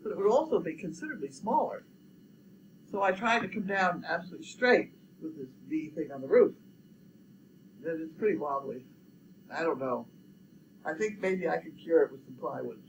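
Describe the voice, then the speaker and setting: A man's voice: animated, normal speed, long pauses, slight background noise, poor audio. An older man, musing and rambling in a casual chat about building projects and dogs. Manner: rambling, musing, low-key.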